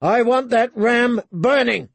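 A man voicing a young male commander who shouts urgent battle orders from a wall. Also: high voice, takes it slowly, vocal fry, slightly rough, no echo, pitched above the performer's own voice, exaggerated voice. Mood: commanding shouts.

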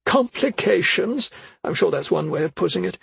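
A man reading an audiobook performs a full character voice for a worried middle-aged mother who sharply and skeptically questions her son. The voice reads as a woman's, pitched above his natural one yet deep, creaky, dark and breathy, with fairly even intonation, a quick pace, and no room sound.

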